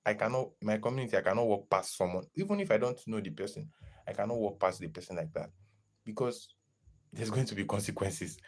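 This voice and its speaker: Young guy on a live stream, really low voice, chatty, shouts out the chat. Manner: animated, greets chat viewers, slips into pidgin. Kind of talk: casual live stream talk.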